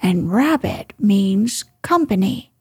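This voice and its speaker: A woman voicing a cheerful, simple male teddy bear in a gentle, unhurried way. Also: medium pitch, lively intonation, slightly rough, full character voice.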